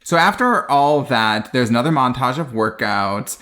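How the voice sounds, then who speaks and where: Dry, sarcastic man with a lively voice. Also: mid-range voice, moderate pace. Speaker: podcast co-host. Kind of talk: casual comedic movie recap.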